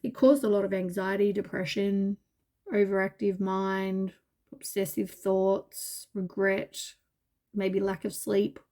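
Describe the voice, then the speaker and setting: A woman's voice: medium pitch, flat delivery, takes it slowly, dark tone. Tired, rambling woman reading tarot. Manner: meandering, full of fillers, reassuring. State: tired, yawning. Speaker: tarot reader.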